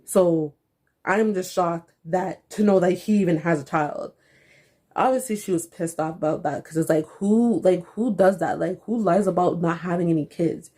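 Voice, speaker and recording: A young woman vlogger telling a story in a casual, animated way, filling her talk with "like" and acting out the dialogue. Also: on the low side, moderate pace. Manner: animated, lots of "like", acts out dialogue.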